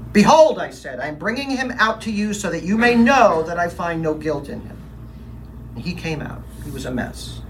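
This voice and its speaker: A brooding middle-aged Roman governor, played by a man, recounts events in a confessional monologue, defensive and troubled, with his own quoted words delivered emphatically. The voice sits a little high for a man. It is heard from a distance, with a faint hiss behind it. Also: a bit bright. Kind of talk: first-person dramatic monologue.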